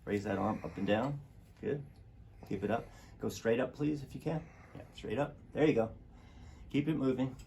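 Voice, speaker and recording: A man's voice: medium pitch, moderate pace, gravelly, pauses often, warm tone, slight background noise. A man working as a chiropractor, coaching a patient through treatment with short, encouraging, repeated commands in a treatment room.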